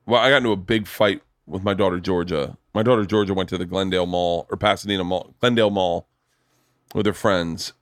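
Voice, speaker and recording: A middle-aged man hosting a podcast, telling stories in casual chat with animated, profane energy. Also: sits low, brisk, no room sound, clean studio sound. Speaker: podcast host.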